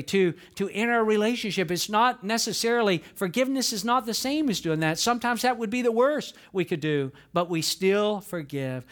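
A high-pitched man preaching a sermon as a pastor. He tells stories with lively bursts of feeling, then drops to soft, earnest asides. He sounds middle-aged. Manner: storytelling, swings from animated outbursts to hushed earnest tones.

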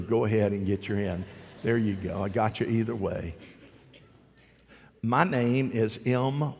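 A gravelly, darkish, lowish male voice rings through a large hall with long reverb as he preaches to the congregation. He tells his story in a homespun, joking manner and asks the listeners questions.

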